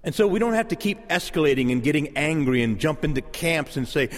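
Animated preaching man in echoing church. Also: fairly high pitch, fairly quick. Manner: animated preaching, acts out quoted voices, chuckles. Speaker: pastor. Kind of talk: sermon. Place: church sanctuary. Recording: long hall reverb.

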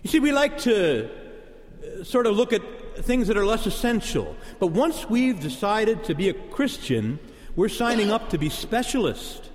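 A man's voice: sits high, sing-song, unhurried. A man preaching a sermon as pastor, emphatic and repeating key words for punch. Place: church. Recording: long church reverb.

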